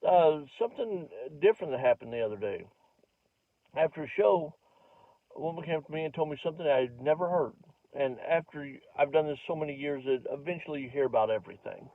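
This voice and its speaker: A man's voice: fairly high pitch, lively intonation, fast talker, dry recording. A middle-aged man, a comedian, telling a rambling story straight to the camera, full of digressions and self-mocking asides. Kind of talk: casual comic storytelling to camera. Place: home recording, not a stage. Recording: dry, tinny phone-like recording.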